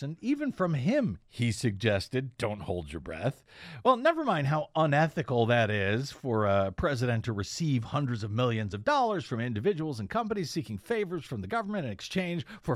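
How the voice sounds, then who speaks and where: A man's voice: on the high side, big pitch swings, moderate pace, no echo, clean studio sound. A man hosting a political talk radio show, delivering a sardonic, pointed monologue. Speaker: radio host and investigative blogger.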